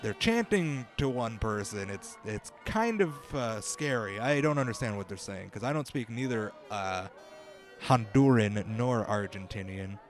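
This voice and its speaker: A man's voice: on the low side, lively intonation, unhurried, soft background music. A young man hosting a comedy podcast, rambling through a bumbling, self-deprecating mock field report with the odd swear word.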